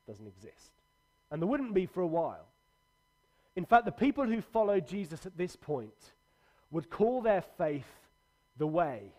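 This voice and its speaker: A man's voice: sits high, very animated, unhurried, pauses often, mellow. A man pastor giving a livestreamed church sermon, earnest and conversational with emphatic repetition.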